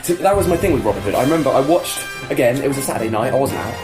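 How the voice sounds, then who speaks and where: A man from England co-hosts a podcast, joking and mocking himself as he tells stories. His voice sits at an ordinary middle pitch, and the talk is relaxed and conversational. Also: very fast, music in the background. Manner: self-mocking, jokey storyteller. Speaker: podcast co-host. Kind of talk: casual chat.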